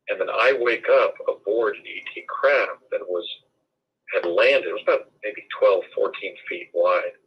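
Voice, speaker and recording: A man's voice: low voice, slightly rough, lo-fi sound. A man in his sixties telling a long, rambling story as an interview guest.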